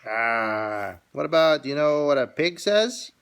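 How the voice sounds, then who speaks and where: A man's voice: on the high side, big pitch swings, measured pace, fairly bright tone, clean tone. A father playfully coaxing his toddler with simple questions in a home video.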